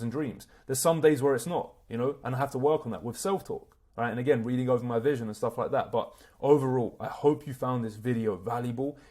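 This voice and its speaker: A man giving an energetic, casual motivational talk as a self-improvement coach, full of slang and swearing. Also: mid-range voice.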